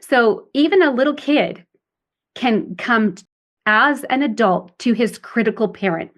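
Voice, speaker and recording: A middle-aged woman parent coach explains her ideas in a podcast interview. She has a fairly high voice and slips into acted example dialogues to make her points. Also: expressive, measured pace.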